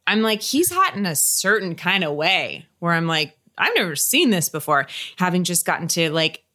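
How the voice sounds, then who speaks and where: Chatty, gushing woman, low voice. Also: very animated, moderate pace, pushed and bright. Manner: chatty, gushing, many restarts and fillers. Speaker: actress and guest. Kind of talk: casual interview. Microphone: podcast microphone.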